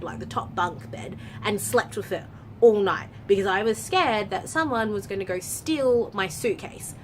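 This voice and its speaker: A young adult woman vlogging, telling a story in a chatty, lively way, full of "like" and casual swearing. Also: medium pitch, a little hiss or hum. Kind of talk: story time vlog.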